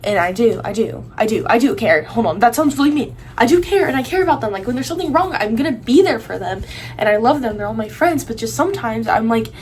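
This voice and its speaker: A teenage girl vlogs a casual rant to the camera, rambling with many "likes," fillers and restarts. Her voice is on the high side, and the audio quality is poor.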